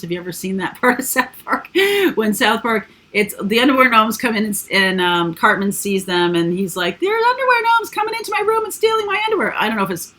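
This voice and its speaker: A woman's voice: medium pitch, sharp tone. A woman giving a casual, rambling tarot reading full of fillers and asides. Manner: chatty, rambling, with frequent fillers. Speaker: tarot reader.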